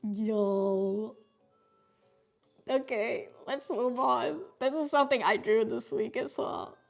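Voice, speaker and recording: A young woman with a slightly high voice chats loosely with her viewers as she sketches. She is relaxed and quick to laugh, and swears freely. Soft music plays faintly in the background of her home setup. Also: vocal fry. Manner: laid-back, chatty, swears and laughs often. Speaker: artist streamer. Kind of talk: casual live-stream chat while drawing.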